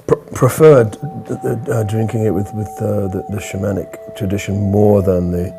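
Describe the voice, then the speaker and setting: A man speaking as an interview guest, telling a reflective story in a halting way, often repeating words and laughing softly. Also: fairly low pitch, steady tone, vocal fry, soft background music.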